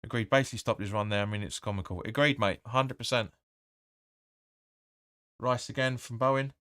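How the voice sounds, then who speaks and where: Male fan host, opinionated live match commentary, average pitch, dry close-miked sound. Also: fairly even intonation, brisk, a bit bright, clean tone, no room sound. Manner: blunt and opinionated, swears, reads viewer comments aloud.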